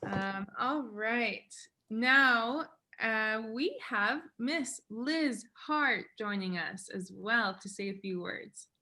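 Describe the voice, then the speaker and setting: Brief: woman host, slow and unhurried, crisp bright voice. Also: fairly high pitch, animated. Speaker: event emcee. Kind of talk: hosting a virtual party.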